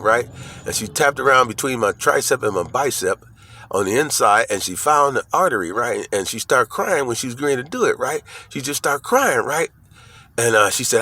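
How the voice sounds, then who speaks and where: A man talking casually to the camera, telling a story in an animated way, swearing often and checking in with "right?" after his lines. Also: mid-range voice, normal speed. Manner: animated, profane, repeats "right?" and "you know what I'm saying?". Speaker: vlogger.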